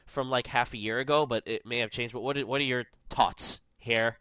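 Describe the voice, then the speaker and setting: A man's voice: medium pitch, steady tone, a little fast, bright, forceful tone, clean tone, no echo. A man hosting a casual podcast, rambling and joking with plenty of fillers. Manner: rambling, jokey, lots of fillers. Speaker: podcast host.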